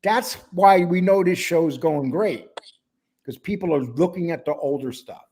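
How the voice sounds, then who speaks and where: Unhurried and a little mellow, this slightly high male voice belongs to a casual podcast host from New York. His accent combines New York and Wisconsin, and he rambles talkatively from one subject to another.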